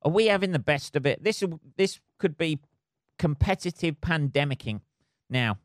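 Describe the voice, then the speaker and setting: A man hosting a podcast on his own, rambling in a sweary, self-mocking casual monologue from his flat at home. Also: fairly high pitch, moderate pace, no echo, studio quality. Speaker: podcast host. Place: flat at home below noisy neighbours.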